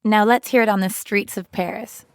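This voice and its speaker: A woman co-hosting a scripted language lesson, speaking clearly and encouragingly. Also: mid-range voice, fairly even intonation, normal speed, no echo, clean studio sound. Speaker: French teacher.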